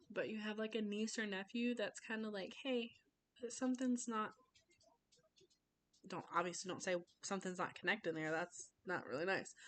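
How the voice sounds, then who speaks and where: A woman's voice: medium pitch, fairly bright tone, slight background noise. Chatty young woman acting out dialogues. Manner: chatty, acts out little dialogues in voices. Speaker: student giving a class speech. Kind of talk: informal informative speech.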